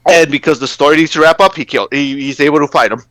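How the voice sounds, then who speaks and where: Profane, animated man ranting. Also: a little high, fast, dry recording. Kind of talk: casual rant.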